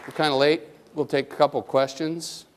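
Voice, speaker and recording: A man's voice: on the high side, little pitch movement, moderate pace, over a noisy crowd, heavy background noise. A man, a surgeon, giving a live hands-on demonstration to an audience, coaching step by step in a folksy, joking way and checking in often. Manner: coaching, keeps checking in with "okay?". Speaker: surgeon teaching knot tying. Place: lecture hall with an audience. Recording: long hall reverb.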